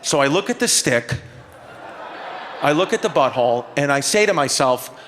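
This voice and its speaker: Animated comedian in a reverberant hall. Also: male voice, fairly high pitch, moderate pace, a little hiss or hum. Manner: animated, escalating, acts out voices. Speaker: stand-up comedian. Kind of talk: live stand-up storytelling. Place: concert hall stage. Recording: live in a reverberant concert hall.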